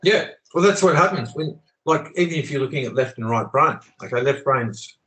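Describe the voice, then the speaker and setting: A man's voice: mid-range voice, expressive, a little fast, fairly bright tone, poor audio. A man talking with passion on a video call, swearing often and preaching his views. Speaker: channel host. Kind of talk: impassioned conversational rant.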